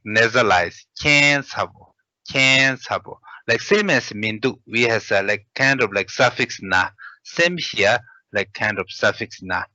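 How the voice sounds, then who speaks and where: Slow, patient man drilling vocabulary. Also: fairly low pitch, sharp tone, no echo, dull audio. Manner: patient, repeats each word slowly. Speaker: language teacher. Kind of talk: slow vocabulary drill, saying each word twice.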